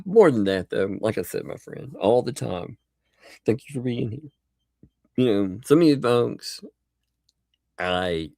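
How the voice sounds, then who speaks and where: A man's voice: lowish voice, gravelly, darkish tone, no echo, clean studio sound. A man hosting a casual livestream, joking in a mock-dramatic way, laughing often and thanking viewers for their chat messages. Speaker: livestream host.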